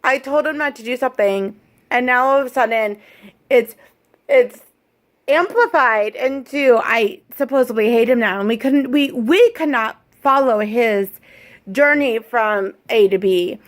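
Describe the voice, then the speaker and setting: A woman's voice: fairly high pitch, unhurried. A woman co-hosting a casual chat as a parent, explaining carefully and thoughtfully and rephrasing her questions as she goes. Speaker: parent and co-host.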